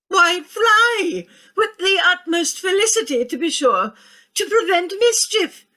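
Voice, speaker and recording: A pompous older aunt, acted by a woman, who mangles big words with grand, affected flourish. Her voice is very high and swoops all over, bright and sharp-edged. She plays every line for comic grandeur. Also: expressive, takes it slowly, heavily acted. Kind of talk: stage comedy acting.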